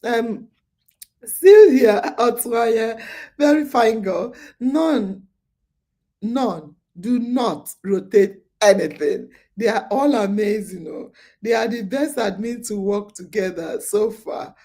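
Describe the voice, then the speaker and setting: Woman host, drowsy and chatty, unhurried, dark-toned voice, loops back over her words. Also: mid-range voice. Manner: chatty storytelling, repeats phrases, many fillers. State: sleepy, yawning. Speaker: podcast host. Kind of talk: casual live-stream chat.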